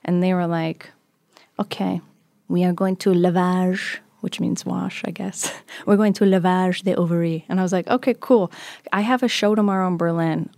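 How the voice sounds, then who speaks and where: A woman in her thirties tells a story in an animated way and laughs often. She slips into the voices of the people in it. The recording is dry and close, with no room sound. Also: fairly low pitch, normal speed, creaky, no room sound. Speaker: guest, comedian and musician. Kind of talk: casual storytelling chat.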